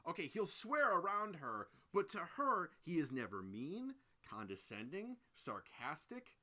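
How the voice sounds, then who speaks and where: A man co-hosting a podcast, chatting casually as he recaps and reviews a film in a rambling, animated way. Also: fairly high pitch, unhurried. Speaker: podcast co-host. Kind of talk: casual movie review chat.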